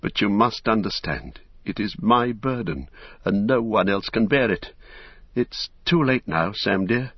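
A man's voice: lowish voice, animated, a little slow, breathy edge, no room sound, dull audio. A man voicing a weary, burdened male hobbit who speaks in anguished, pleading tones. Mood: sorrowful. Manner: anguished, pleading, breaking into cries.

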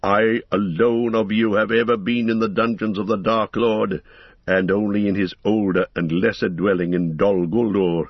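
A man giving voice to a grave old wizard, stern and commanding. The voice sits low and husky, and the words come measured and weighty, on a dull lo-fi recording. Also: fairly even intonation, no room sound. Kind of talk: audiobook character reading.

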